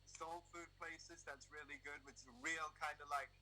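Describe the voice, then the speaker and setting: A man's voice: fairly high pitch, flat delivery, measured pace, pushed and bright, slight background noise, low-quality recording. A man from the United Kingdom, a guest on a video-call interview, chatting cheerfully and loosely with plenty of fillers. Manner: laid-back, cheerful, rambling with fillers. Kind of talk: casual chat.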